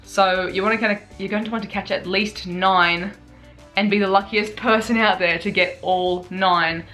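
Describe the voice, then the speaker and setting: A young woman chatting excitedly through gaming news on her vlog, tired after many hours awake. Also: mid-range voice, moderate pace, soft background music. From Australia. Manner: bubbly, excitable, chatty with fillers. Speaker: gaming YouTuber.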